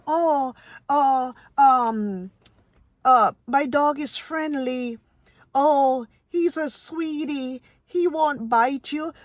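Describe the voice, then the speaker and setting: A woman's voice: a little high, no room sound. A woman from Ohio talks straight into her phone in a casual vlog. She lectures emphatically, circling back to hammer her points home. The sound is dry and close, with no room around it. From Ohio, USA. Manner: emphatic, lecturing, repeats herself. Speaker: vlogger.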